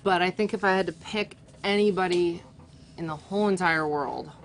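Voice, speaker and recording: A woman's voice: lowish voice, normal speed, slight background noise. A woman chatting casually as a guest, talking freely and filling her sentences with "like". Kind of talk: casual chat.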